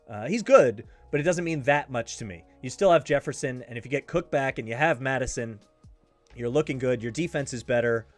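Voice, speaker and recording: A man with a slightly high voice runs his own sports betting show, chatting casually about his picks and repeating himself for emphasis. The studio-quality recording has no echo.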